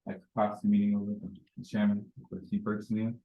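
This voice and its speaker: Low-voiced man reading scripture solemnly. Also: completely flat delivery, muffled recording. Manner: measured, solemn recitation. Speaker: temple member reading scripture. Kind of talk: scripture reading at a religious meeting. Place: temple meeting hall. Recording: echoey room.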